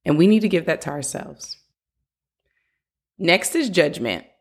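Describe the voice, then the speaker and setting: A woman with a low voice talks through parenting advice in an earnest, coaching manner. She is a young adult host who now and then acts out a frustrated parent's words. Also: gravelly. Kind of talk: casual advice talk.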